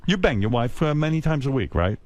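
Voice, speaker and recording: A man's voice: medium pitch, sing-song, fairly quick. A man hosting a radio interview, interjecting often and joking wryly at his own expense. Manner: self-deprecating, interjecting, wry. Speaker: radio show host. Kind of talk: casual interview chat.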